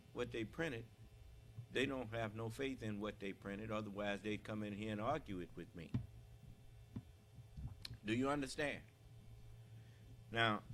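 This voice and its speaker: A man preaching on a live broadcast, speaking loudly and climbing into fervent shouting, pausing now and then to clear his throat. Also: fairly low pitch, slight background noise. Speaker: religious leader.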